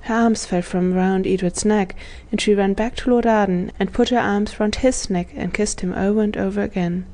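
A woman reading a children's story aloud as scripted narration, giving the characters gentle voices. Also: mid-range voice, steady tone, normal speed, few pauses. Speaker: audiobook narrator.

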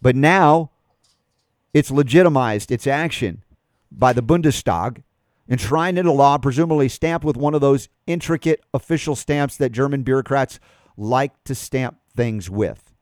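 A man's voice: mid-range voice, measured pace, darkish tone, no room sound, studio quality. A man hosting a talk radio show, reading an article aloud and adding emphatic commentary.

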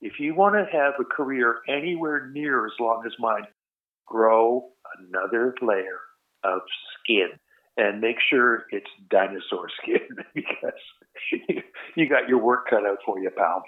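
A man's voice: fairly low pitch, normal speed. An older male musician telling rambling stories about his career in a casual interview, laughing at himself. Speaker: guest musician. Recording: tinny phone-line audio.

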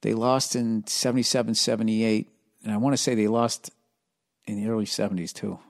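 A man hosting a podcast with a hoarse, strained voice, talking in a low-energy, self-mocking casual ramble full of swearing. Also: fairly even intonation, brisk. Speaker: podcast host.

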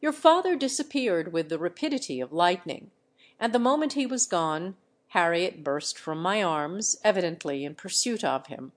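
A woman reading as a remorseful old nobleman. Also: on the low side. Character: remorseful aristocratic older nobleman confessing. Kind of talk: audiobook reading.

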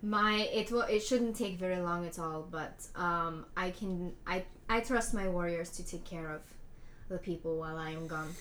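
A woman voicing a calm desert warrior leader. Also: fairly low pitch, normal speed, a little hiss or hum, lightly acted. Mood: reassuring.

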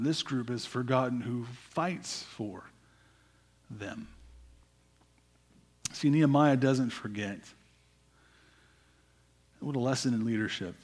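A man preaching a sermon, asking his listeners questions and often adding "right?", sometimes dropping to a quiet voice for emphasis. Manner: asks the congregation questions, frequent "right?" and repeated words; drops to a quiet, low voice for emphasis.

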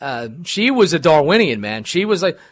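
A man's voice: fairly high pitch, very animated, normal speed. A middle-aged man hosting a talk radio show, rambling with many fillers and restarts.

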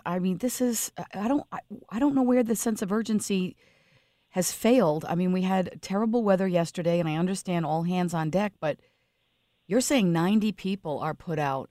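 A woman's voice: fairly low pitch, mellow, dry recording. A woman hosts a radio talk show from a dry, close-miked studio. She speaks with emphatic sympathy and often trips into restarts as she pushes her point.

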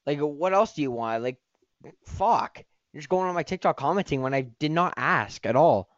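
A man's voice: on the high side, lively intonation, normal speed, dry recording, muffled recording. A man hosting a podcast, ranting in a heated, profane, rambling way. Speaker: podcast host. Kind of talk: casual podcast rant.

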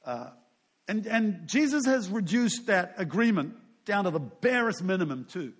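Chatty older pastor, slightly high voice. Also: male voice, very animated, normal speed, husky. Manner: conversational, rambling with asides and self-deprecating humor. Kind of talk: sermon.

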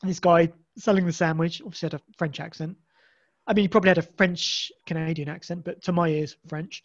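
An English man with a fairly high voice talks loosely, circling back and restarting his sentences often. The sound is dull and lo-fi, like a modest home setup. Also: fairly even intonation, brisk. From England. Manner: rambling, many restarts and fillers. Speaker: guest. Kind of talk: casual podcast conversation.

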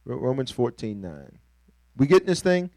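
Warm in tone and mid-range in pitch, this pastor is very animated and speaks at a normal speed. His sermon is chatty and playful, and he gets the congregation to complete his lines while acting out little scenarios. It's a low-quality recording without room sound.

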